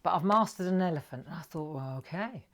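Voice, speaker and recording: A woman's voice: deep voice, lively intonation, quick pace. Chatty woman hosting a craft stream. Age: middle-aged. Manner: chatty, greets viewers brightly, drops to whispers. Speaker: craft livestream host.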